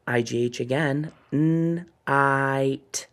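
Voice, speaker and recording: A man teaching a phonics lesson, slowly and deliberately sounding out words letter by letter. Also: mid-range voice, steady tone, gravelly.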